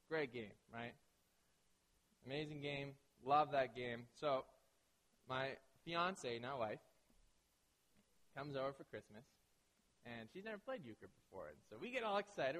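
A man preaching a sermon to a hall of about a hundred people, telling lively stories and acting out the voices of the people in them. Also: on the high side. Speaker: pastor. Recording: echoey hall reverb.

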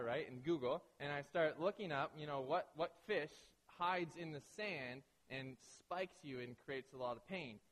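A man preaching a sermon with a fairly high voice, talking to the congregation as if in conversation. He checks in often and slips into the voices of people in his stories. His voice rings out with the long reverb of a large hall. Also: a bit bright. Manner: conversational, keeps asking "right?"; acts out quoted voices. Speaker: pastor.

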